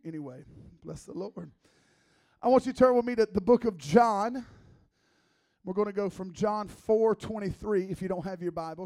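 A man's voice: high voice, a little fast. A man in his thirties preaching as a guest, a joking, conversational sermon full of teasing asides. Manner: playful, teasing, lively asides.

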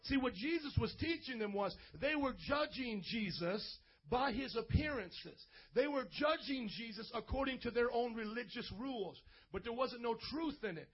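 A man preaching a lively sermon as a pastor, playful, calling for responses and acting out little scenes. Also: extremely high pitch. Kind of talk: energetic sermon to youth. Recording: dull lo-fi recording.

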